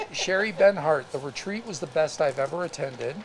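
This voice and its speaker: A man co-hosting a casual live stream, speaking haltingly with many restarts and reading viewer comments aloud. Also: fairly high pitch, lively intonation, crowd noise, poor audio. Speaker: co-host.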